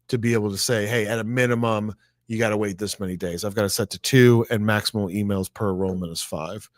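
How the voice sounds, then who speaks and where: A chatty man talks through software tips in a casual tech discussion, his voice sitting somewhat low. He thinks aloud and keeps checking in with "right?". The recording is dry and close, with no room sound. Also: no echo. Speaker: co-host.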